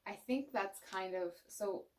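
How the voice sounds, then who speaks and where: A woman's voice: medium pitch, a little slow. A woman talking through a tarot reading in a casual, frank way. She laughs easily and acts out the thoughts she quotes. She sits a little back from the mic, so her voice sounds slightly distant. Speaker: tarot reader.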